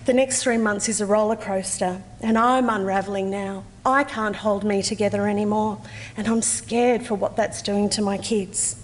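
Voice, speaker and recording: An Australian woman in her forties gives a measured, earnest personal testimony at a conference, with slow, deliberate pauses. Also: medium pitch, steady tone, long reverb tail, a little hiss or hum. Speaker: conference speaker. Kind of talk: personal testimony, read aloud. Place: conference hall.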